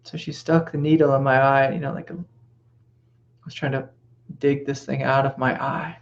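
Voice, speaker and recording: A middle-aged man giving a spiritual teaching talk in a gentle, reflective way, sometimes dropping into soft reassuring whispers. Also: mid-range voice, level tone, normal speed, lo-fi sound.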